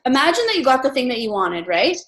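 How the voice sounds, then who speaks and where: A woman hosting an entrepreneur meetup, talking in a chatty, animated way with lots of fillers. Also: high voice, fast, roomy sound, low-quality recording. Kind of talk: casual group chat.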